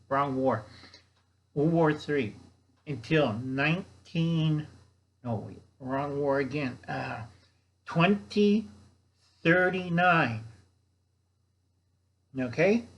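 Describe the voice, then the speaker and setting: An older man hosting his own channel, rambling through a sarcastic, scattered rant while eating a meal at home. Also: fairly high pitch. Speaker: YouTube channel host. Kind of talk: rambling casual monologue.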